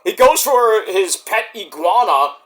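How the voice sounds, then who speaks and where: Excitable guy doing a solo review, bright, very animated delivery. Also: high-pitched, a little slow. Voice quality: excitable, swears freely, laughs often. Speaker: wrestling reviewer.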